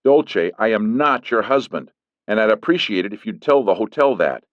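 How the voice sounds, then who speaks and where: Man voicing a firm man, measured, defensive, dry lo-fi sound. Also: on the low side, expressive, no room sound, pitched above the performer's own voice, close to an everyday voice. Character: firm middle-aged man, a lawyer. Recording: dull lo-fi recording.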